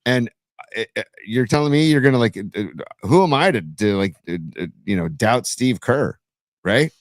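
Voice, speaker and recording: A man co-hosting a casual sports podcast, excitedly rambling and saying "dude" a lot. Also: mid-range voice, moderate pace, no echo, clean studio sound. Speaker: podcast co-host.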